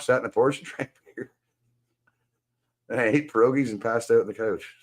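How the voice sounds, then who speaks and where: A man's voice: fairly low pitch, normal speed, long pauses. A man hosting a stream, venting in casual, profanity-laced chat on a video call. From Canada. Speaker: stream host. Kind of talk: casual rant to a guest.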